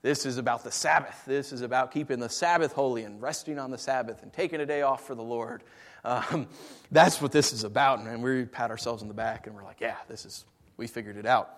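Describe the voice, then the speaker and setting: A man preaching a sermon, animated and playful, dropping to hushed whispers and acting out what listeners might say. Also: medium pitch, brisk. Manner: acts out listeners' voices in asides. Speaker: pastor.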